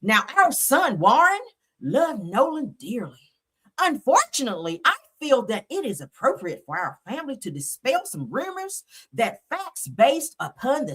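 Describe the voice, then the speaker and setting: A woman putting on a mocking voice for a prim, fake-sincere woman judge, reading her statement slowly and overly carefully. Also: a little high, fairly bright tone, husky, exaggerated voice. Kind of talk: mocking read-aloud impression.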